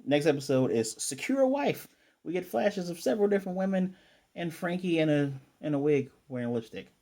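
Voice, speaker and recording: A man giving a casual, chatty recap and review of an anime episode, acting out characters' lines in quick asides. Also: a little high, animated, mellow. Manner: retells scenes with quick quoted character lines; chatty, with fillers and throat clearing.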